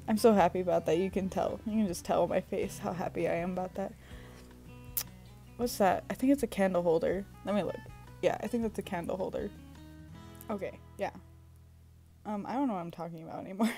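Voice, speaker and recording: A woman's voice: mid-range voice, gravelly. A young woman chatting casually in a home vlog voice-over, giggling often and scolding herself as she goes. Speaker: vlogger. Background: soft guitar music.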